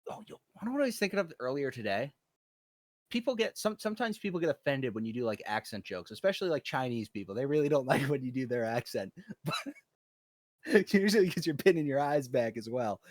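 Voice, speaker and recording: A man's voice: medium pitch, a little mellow, no room sound, studio quality. A man chatting casually on a stream, joking crudely.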